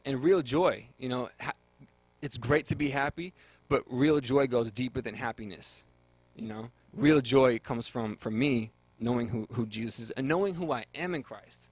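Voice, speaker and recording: A man's voice: medium pitch, normal speed, dry recording, poor audio. A young man on a radio talk show, sharing his faith testimony in an earnest way and often repeating words as he looks for them. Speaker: guest.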